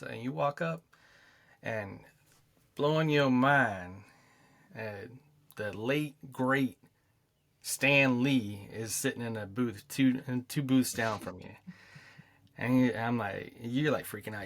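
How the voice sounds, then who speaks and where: A man co-hosting a gaming podcast, spinning a rambling, animated story. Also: mid-range voice, slow pace, vocal fry, long pauses. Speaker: podcast co-host. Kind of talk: casual chat, storytelling.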